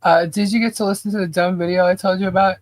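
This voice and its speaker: A woman's voice: medium pitch, steady tone, fast. Exasperated woman ranting on a live stream. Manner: exasperated, sarcastic, laughs often. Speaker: podcast co-host. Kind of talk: casual live-stream chat.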